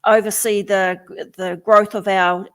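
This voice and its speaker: Steady New woman guest. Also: medium pitch, unhurried. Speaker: guest from a tribal trust. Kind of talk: live radio interview.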